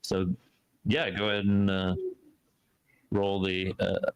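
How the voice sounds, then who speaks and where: Slow, low-voiced man running the game. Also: monotone, clean tone, muffled recording. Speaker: game master. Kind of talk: narrating a tabletop game.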